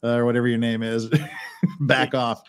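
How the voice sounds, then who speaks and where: A man's voice: medium pitch, little pitch movement, moderate pace, clean tone. A man co-hosting a podcast, reading court filings aloud and riffing on them with wry sarcasm. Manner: wry, reads legal text aloud then riffs sarcastically. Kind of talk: casual legal commentary.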